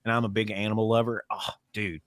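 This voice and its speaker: A man's voice: on the low side, level tone, fast, a bit bright, no room sound. A man co-hosting a casual podcast, talking emphatically with easy swearing and lots of dude. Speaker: podcast co-host. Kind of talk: casual chat.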